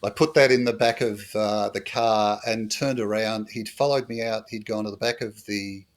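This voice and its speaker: A man's voice: lowish voice, steady tone, moderate pace. A middle-aged Australian man, a former bush police officer, telling wry anecdotes in an interview with a lot of fillers. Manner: dry humorous anecdotes with fillers. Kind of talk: storytelling interview.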